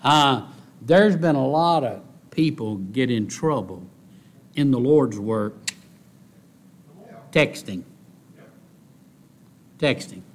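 A man preaching a sermon in a folksy way, repeating key phrases and rising into loud exhortation. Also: lively intonation, slow pace, pauses often. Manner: rises to loud, high-pitched exhortation. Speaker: pastor.

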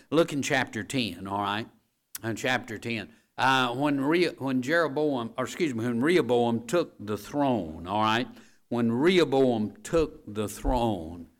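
A man preaching a sermon in a conversational, folksy way, often climbing into loud, high emphasis.

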